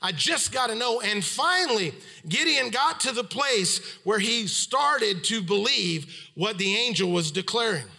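A man's voice: lively intonation, unhurried, creaky, sharp tone. A middle-aged man preaching a sermon, retelling a scripture story and acting out the voices of its people. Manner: storytelling, acts out quoted voices with pitch swings.

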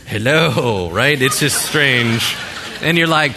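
A man's voice: mid-range voice, lively intonation, unhurried, long pauses, background noise. A male pastor giving a sermon in a conversational way, with joking asides and rhetorical questions.

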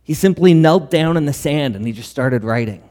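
A man's voice: fairly high pitch, lively intonation, normal speed, dark tone. Male pastor preaching in a reverberant hall. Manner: earnest preaching with rhetorical questions. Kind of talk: sermon.

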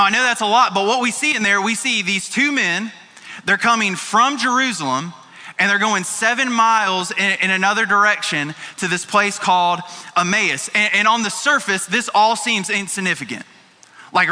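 A pastor delivers a sermon in a relaxed, chatty way, with playful asides. His voice sits high and rings very bright. The sound carries the long reverb of a large church hall. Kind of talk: conversational sermon.

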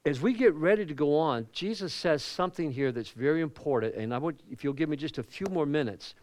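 A man's voice: a little high, fairly quick, no room sound. A man preaching a sermon as pastor, telling stories and acting out the people in them. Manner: storytelling preacher, animated, acts out quoted people. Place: church.

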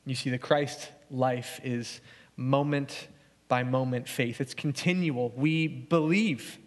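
A man preaching a sermon as pastor, conversational and earnest, going quiet and soft when he reads scripture. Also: medium pitch, fairly even intonation, slow pace, in a large hall.

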